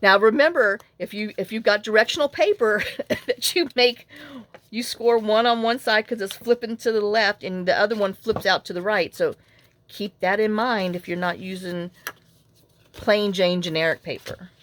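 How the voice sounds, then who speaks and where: A woman's voice: medium pitch, moderate pace, a bit bright. A woman hosting a casual crafting tutorial, chatty and rambling as she talks viewers through her work. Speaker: crafting channel host.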